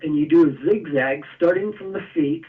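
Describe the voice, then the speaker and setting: A man's voice: a little high, normal speed, recorded from a distance, narrow, tinny audio. A man being interviewed, explaining step by step with a few chuckles. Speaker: guest, energy tool maker. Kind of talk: casual interview.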